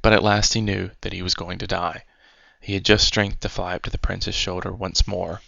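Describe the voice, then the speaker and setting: A man reading a fairy tale aloud as a storyteller, in a measured, unhurried way. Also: sits low, flat delivery, creaky, bright, forceful tone, dry recording. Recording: dry, dull lo-fi recording.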